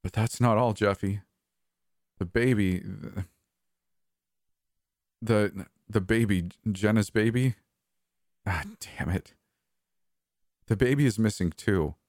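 A man's voice: lowish voice, slow pace, long pauses, a little mellow, no echo, clean studio sound. A man voicing an older brother who speaks urgently and insistently, voice trembling. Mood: tense, stern. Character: worried older brother, stern and shaken.

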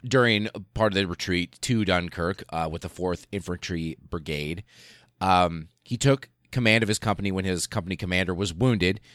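Deep-voiced man telling history stories. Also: normal speed, no room sound, studio quality. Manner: excitable, profane, many fillers and restarts. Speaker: podcast host. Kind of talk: casual history storytelling.

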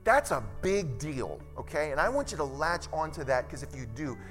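A man's voice: on the high side, sing-song, normal speed, over music. A man preaching a sermon as pastor, talking conversationally and asking the congregation questions. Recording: reverberant church hall.

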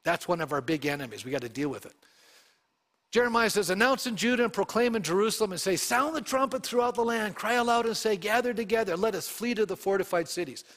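A man's voice: sits high, expressive, fast talker, a bit bright. A middle-aged male pastor preaching a sermon, reading scripture aloud and putting questions to his congregation. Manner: reads scripture aloud with emphasis.

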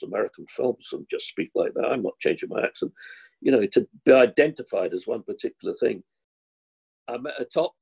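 An older man from London, an actor, telling rambling, self-deprecating stories in a relaxed interview. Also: on the low side, vocal fry, breathy edge, rough recording. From London, England. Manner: rambling, self-deprecating storyteller with short laughs. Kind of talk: relaxed anecdotal conversation.

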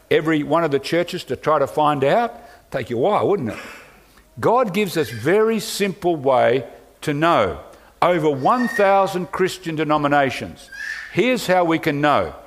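A man preaching a sermon as pastor, emphatic, asking rhetorical questions and acting out quoted voices. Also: fairly high pitch.

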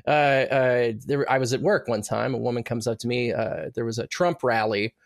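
A man's voice: mid-range voice, steady tone, moderate pace, gravelly, no room sound, studio quality. An American man with a wry, laid-back manner, chatting on a podcast. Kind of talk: casual podcast chat.

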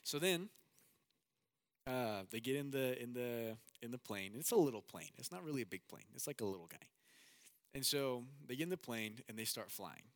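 A man's voice: medium pitch, animated, normal speed, no echo. A man casually retelling an anecdote, chatty and full of slang and fillers. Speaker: storyteller.

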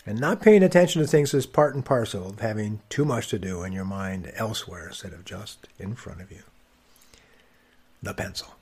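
A middle-aged man hosting a woodworking podcast, telling stories in a wry, musing way with quiet asides. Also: on the low side, normal speed, husky. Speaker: podcast host. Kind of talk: reflective storytelling monologue.

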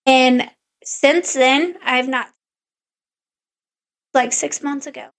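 A woman's voice: high voice, steady tone, slow pace. A woman podcast co-host in casual chat, animatedly telling a story and acting out her own quotes.

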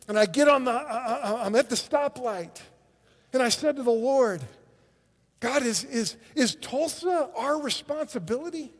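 A male pastor, preaching a sermon with animated energy and frequent word repetitions. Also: very high-pitched, in a large hall. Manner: animated, repeats words when excited.

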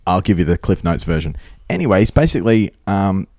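Lively laughing man, dry sound. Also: low voice, a little fast, no room sound. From Australia. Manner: swearing, laughing, jokey storyteller. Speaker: podcast co-host. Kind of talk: casual banter.

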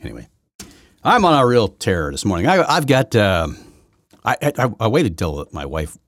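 A man hosting his own podcast from his basement, rambling through a political rant that swings from loud outbursts to low muttering, with many restarts. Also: very animated, normal speed, dry recording, clean studio sound. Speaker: podcast host. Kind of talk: solo political commentary rant. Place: home basement.

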